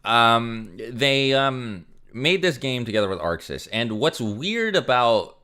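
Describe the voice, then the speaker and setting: A man's voice: mid-range voice, big pitch swings, slow pace, sharp tone. A young man casually chatting on a livestream, rambling with many fillers as he reads out donations. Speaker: streamer.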